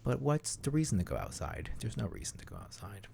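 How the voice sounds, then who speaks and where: A man's voice: lowish voice, wildly swooping pitch, fairly quick, creaky, mellow, a little hiss or hum. A man co-hosting a casual podcast, rambling and self-deprecating and leaning heavily on "you know". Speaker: podcast co-host.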